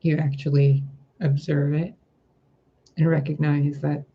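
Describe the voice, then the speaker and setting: A man giving a spiritual tarot reading, talking in a gentle, reflective way and asking rhetorical questions. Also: a little high, level tone, measured pace, husky, highs cut off. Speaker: tarot reader.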